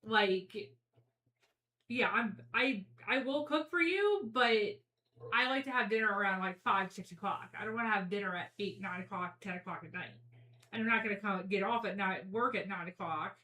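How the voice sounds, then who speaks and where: A woman's voice: mid-range voice, normal speed, bright, forceful tone, reverberant, recorded from a distance, low-quality recording. A woman talking frankly and bluntly as a guest in a casual chat, swearing freely. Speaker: podcast guest.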